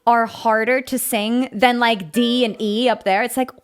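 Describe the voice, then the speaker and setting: A woman coaching a singer through a voice lesson, encouraging and quick to laugh. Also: on the high side, steady tone. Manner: encouraging, upbeat, laughs often. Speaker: vocal coach. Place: studio.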